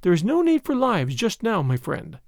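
A man's voice: high voice, wildly swooping pitch, moderate pace, vocal fry, dry recording, clean studio sound, heavily acted. A man voicing a desperate noble lady who pleads earnestly for help. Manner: pleading, urgent.

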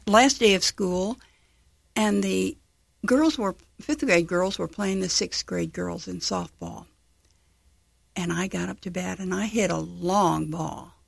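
An older woman tells a story from her childhood at an unhurried pace. Her voice is gravelly and husky, and she acts out the people she quotes. The sound is dry and close. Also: mid-range voice, no echo. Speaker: guest author. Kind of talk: storytelling in a radio interview.

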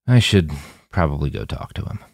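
A man voicing a candid young man who speaks gently but firmly. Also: low voice, animated, fairly quick, creaky, slightly rough, no room sound, heavily acted.

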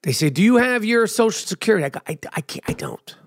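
A middle-aged man telling a profane comic story, swearing often and mimicking other people in a high excited voice. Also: quick pace, a little hiss or hum.

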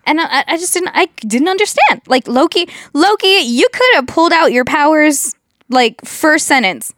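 Woman, high voice, emphatic, animated, podcast co-host, dry sound. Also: normal speed, no echo. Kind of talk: casual chat about a TV show.

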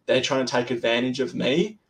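A man's voice: medium pitch, brisk, low-quality recording. A man speaking as a podcast guest in an easy conversation. His voice sits mid-range and he often stalls and restarts words. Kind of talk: casual interview chat.

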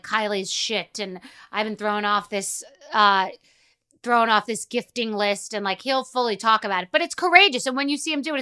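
Blunt, bright-voiced middle-aged woman. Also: a little high, smooth. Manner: blunt, profane, rapid and animated. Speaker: podcast host. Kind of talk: casual monologue.

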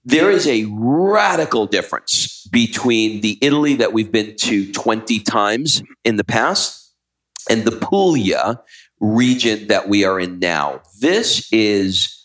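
A man's voice: fairly low pitch, slow pace. A middle-aged man from the United States co-hosting a casual travel chat, telling stories and acting out quotes. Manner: animated storyteller, acts out quotes. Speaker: co-host.

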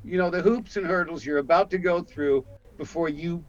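A man in his sixties from Canada, an actor telling stories in a casual interview and acting out the voices of the people he quotes. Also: normal speed. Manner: animated storyteller, acts out quotes with big pitch jumps. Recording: muffled lo-fi audio.

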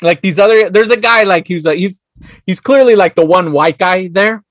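Laid-back, cussing man, high voice. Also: normal speed, fairly bright tone, no echo, studio quality. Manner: laid-back, swears freely, acts out movie lines. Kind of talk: casual chat.

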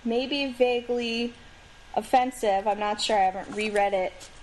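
A woman co-hosting a casual podcast chat, talking in a chatty, hesitant way with many pauses and small laughs. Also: on the high side, steady tone, a little mellow, slight background noise. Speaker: podcast co-host. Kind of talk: casual chat about books.

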